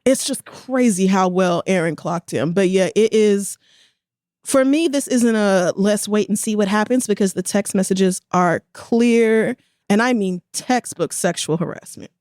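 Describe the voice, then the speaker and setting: A woman's voice: mid-range voice, a little mellow, dry recording, studio quality. A woman, co-hosting a casual podcast and telling a story with indignation and quoted voices. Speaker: podcast co-host.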